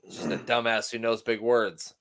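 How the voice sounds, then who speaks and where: A man's voice: mid-range voice, normal speed, fairly bright tone. A man co-hosting a casual wrestling podcast, joking, swearing freely and laughing often. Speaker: podcast co-host. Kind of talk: casual chat watching wrestling.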